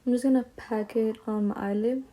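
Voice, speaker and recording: A woman's voice: on the high side, fairly even intonation, brisk, mellow. A young woman chatting casually as she tells a story while doing her makeup, slangy and drifting off on tangents. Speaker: beauty vlogger.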